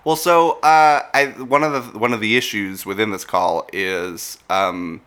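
A man hosting a podcast in casual chat, speaking with constant vocal fry and hesitant, trailing thoughts. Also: on the low side, fairly even intonation, measured pace, fairly bright tone. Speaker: podcast host.

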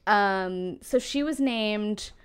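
A woman's voice: medium pitch, drawn-out words, clear, resonant tone. A woman casually telling a history story on a podcast, laughing often and swearing freely.

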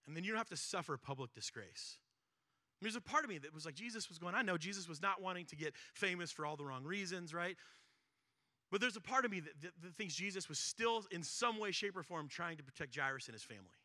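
A man preaching a sermon in a casual, conversational way, often checking in with "right?" and swinging between loud stretches and hushed ones. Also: high voice, lively intonation, fast talker, no room sound, clean studio sound. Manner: conversational, keeps asking "right?". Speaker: pastor.

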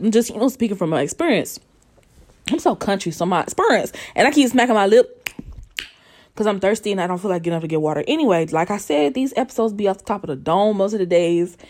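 A woman's voice: mid-range voice, a little mellow. A young woman hosting a solo podcast from the bed of her apartment, talking candidly, swearing freely and laughing often. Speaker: podcast host. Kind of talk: casual solo podcast monologue. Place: apartment bedroom, working from home.

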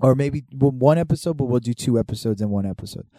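Young man, casual podcast chat, dark mellow voice, dry close sound, swears a lot. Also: medium pitch, lively intonation, fast, no room sound. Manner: laid-back, swears often, reads aloud from notes. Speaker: podcast co-host.

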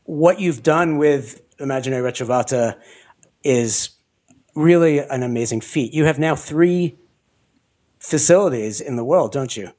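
A man hosting an interview podcast, talking in an animated way and laughing often. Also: medium pitch, a little slow. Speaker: podcast host. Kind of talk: conversational interview.

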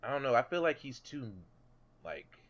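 A man's voice: mid-range voice, animated, normal speed, fairly bright tone, muffled recording. A man co-hosting a podcast in loose, casual chat, swearing and correcting himself as he goes. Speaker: podcast co-host.

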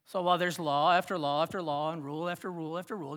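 A man preaching a sermon, swinging from loud emphasis to hushed, near-whispered lines. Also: fairly high pitch, fairly even intonation, racing, few pauses, big-room sound. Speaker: pastor.

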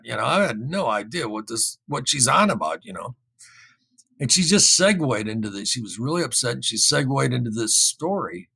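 Gravelly, husky-voiced man telling a story. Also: medium pitch, moderate pace. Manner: rambling, repeats words, animated when quoting others. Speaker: guest recounting an experience. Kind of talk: casual spoken storytelling.

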